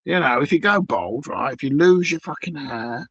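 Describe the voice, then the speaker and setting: A middle-aged Englishman rants on his own, blunt and sardonic, swearing through nearly every sentence. His voice is gravelly and husky, and his pitch swings up and down a lot. The sound is dry and close. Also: expressive, moderate pace, fairly bright tone, no echo, muffled recording. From Britain. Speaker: vlogger. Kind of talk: profane solo rant.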